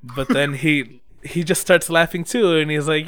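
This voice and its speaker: A young man in casual chat recapping an episode, excitable and swearing freely. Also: a little high, measured pace, hardly any pauses, clear, resonant tone.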